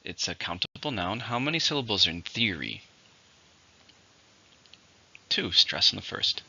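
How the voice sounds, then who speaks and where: A man teaching English vocabulary in a recorded lesson, with slow, clear, deliberate pronunciation drills. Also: on the low side, big pitch swings, sharp tone. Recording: dull lo-fi recording.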